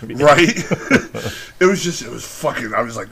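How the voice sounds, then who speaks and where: A man's voice: mid-range voice, animated, measured pace, vocal fry, fairly bright tone, breathy edge. A man co-hosting a podcast, chatting casually in a rambling way with lots of fillers and swearing. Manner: rambling, filler-heavy storytelling with profanity. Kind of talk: casual chat.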